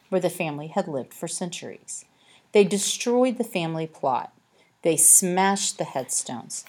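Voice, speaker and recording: A woman's voice: low voice, darkish tone, slightly rough, heavily acted. A woman voicing a grumpy, stern old orange tomcat with a terse, hissing manner.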